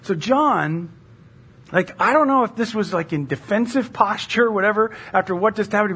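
A middle-aged woman pastor preaching a sermon in a conversational, animated way, full of rhetorical questions. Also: medium pitch, moderate pace, slightly rough.

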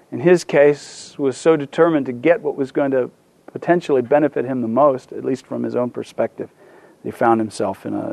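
A middle-aged pastor delivers a sermon in a high, light voice, recorded dry and close. He drifts into a personal anecdote with self-deprecating humor, often restarting his phrases. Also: no room sound.

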